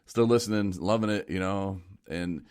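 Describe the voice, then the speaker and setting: A man hosting a casual podcast chat, telling joking stories in an animated way. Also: low voice, moderate pace, clean tone. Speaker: podcast host.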